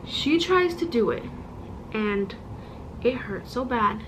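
A woman vlogger talking straight to camera in a casual storytime. Her voice sits a little high, and her telling is animated and exasperated. She demonstrates with props as she explains. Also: slow, background noise. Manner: demonstrates with objects while talking.

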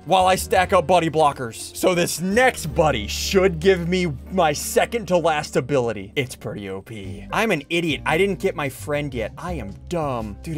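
A man giving excitable, jokey commentary on his own gameplay and saying his moves aloud. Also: on the high side. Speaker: gaming YouTuber.

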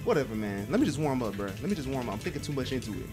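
A young man streaming a game, rambling and swearing as he plays, with loud, animated reactions. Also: mid-range voice, rapid-fire, music in the background. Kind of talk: excitable gameplay commentary.

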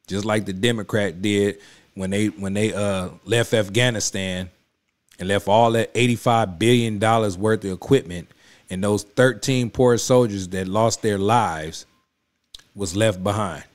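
A man with a somewhat low voice hosts a political reaction video from his home studio. He talks in a loose, conversational way, repeating his points with emphasis and arguing straight back at the clip he is watching. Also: steady tone, a little slow. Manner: emphatic, repetitive, conversational street talk; addresses the clip directly with rising heat. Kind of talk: casual political reaction commentary.

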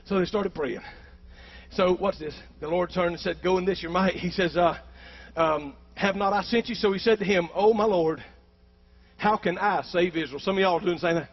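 A man's voice: sits high, fairly quick, breathy edge, highs cut off. A pastor, preaching a fervent sermon and calling out to his congregation.

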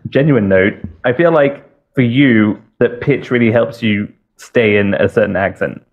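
A man working as an accent coach, calling in to give polite, measured feedback in casual chat. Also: medium pitch. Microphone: call-in audio. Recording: dull call-in audio.

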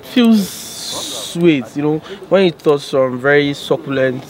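A man's voice: a little high, lively intonation, takes it slowly. A Nigerian man, a photographer, chatting casually and jokingly, imitating sounds as he talks. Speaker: photographer guest. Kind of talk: casual chat. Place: outdoors at a busy hangout. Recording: crowd voices around.

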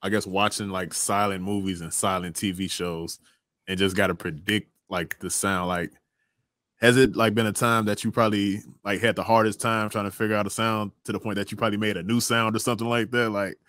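Rambling podcast host, dry sound. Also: male voice, fairly low pitch, steady tone, brisk, a bit bright, no echo. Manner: rambling, hesitant questions full of fillers. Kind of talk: casual interview.

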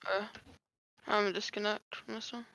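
A young woman chatting with a teammate during a video game, excitable and self-mocking. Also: medium pitch, fairly quick, vocal fry, dry recording. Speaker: gaming teammate. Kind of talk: casual gaming chat.

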